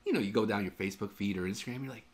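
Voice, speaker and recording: A man's voice: on the low side, very fast. A young man co-hosting a podcast, casual and teasing, with lots of fillers. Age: young adult. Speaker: podcast co-host. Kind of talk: casual chat.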